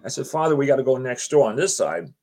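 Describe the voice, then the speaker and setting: A middle-aged man at an everyday pitch, telling a personal story in a loose, talky way. He keeps restarting his sentences and acts out each conversation, switching between himself and the people he met. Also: expressive, fast, darkish tone. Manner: retells conversations line by line, acting out the other people; chatty, often says "she goes" and restarts his sentences. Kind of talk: casual spoken anecdote.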